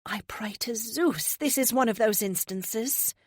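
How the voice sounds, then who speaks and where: A serene, knowing oracle with a sing-song lilt, put on by a woman reading an audiobook. Her voice floats a little higher and feels slightly distant, unhurried and gentle. Dry, close audiobook sound. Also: no echo. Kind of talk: audiobook character voice.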